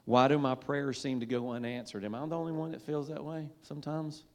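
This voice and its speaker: A man's voice: medium pitch, little pitch movement, a little fast. A man in the role of pastor, preaching a sermon in a folksy, conversational way and leading the congregation in call-and-response. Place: church sanctuary.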